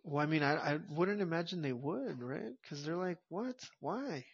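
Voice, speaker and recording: A man's voice: on the high side, a little fast, vocal fry, husky. A man co-hosting a movie podcast, talking bluntly and emphatically in casual chat, often swearing. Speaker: podcast co-host. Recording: dull lo-fi audio.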